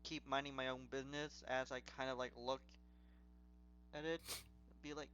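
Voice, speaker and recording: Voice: medium pitch, little pitch movement, normal speed, a bit bright, soft background music. Hesitant player on a dull lo-fi mic. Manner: hesitant, rambling. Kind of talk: casual role-play. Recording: dull lo-fi mic with faint hum.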